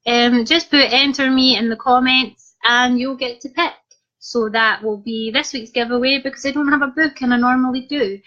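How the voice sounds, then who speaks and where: A woman's voice: high-pitched, fairly even intonation, normal speed, sharp tone. A woman with a Scottish accent, an author chatting casually on a live stream, reading out comments and making jokey asides. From Scotland. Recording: slightly muffled lo-fi live stream.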